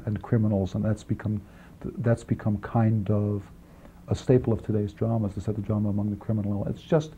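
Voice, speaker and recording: A man being interviewed about his film work, talking quickly in long rambling answers with many restarts and asides, on an old archival tape. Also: lowish voice, warm tone. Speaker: film writer and director, interview guest. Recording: dull archival 1980s interview tape, faint hiss.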